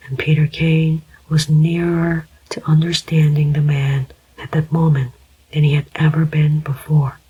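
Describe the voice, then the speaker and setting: An audiobook narrator reading a thriller in a soft, even whisper up close, as whispered role-play. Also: medium pitch, breathy edge, poor audio.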